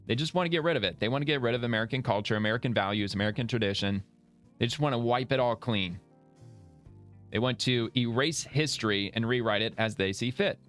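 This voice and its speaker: A man's voice: mid-range voice, a bit bright, clean tone. A man hosting casual political reaction commentary, blunt and profane, rambling and laughing as he talks. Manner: rambling with many restarts.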